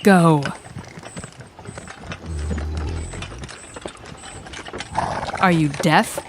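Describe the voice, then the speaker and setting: Woman doing a low-voiced sarcastic demon lord lady, curt and cutting, audio role-play. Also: slow pace, noisy background. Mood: cold, disdainful. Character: cold, sardonic female demon lord, reformed villain.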